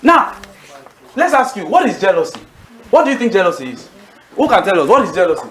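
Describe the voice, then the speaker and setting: Guy preaching, high voice that swings all over, quizzes the crowd, echoey hall. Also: brisk. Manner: call-and-response questions, emphatic and animated. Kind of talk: sermon.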